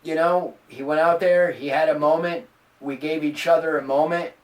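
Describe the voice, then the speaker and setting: A man hosting a podcast, telling a rambling, profane story in a casual, animated way. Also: on the high side, moderate pace, roomy sound, recorded from a distance. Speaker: podcast host.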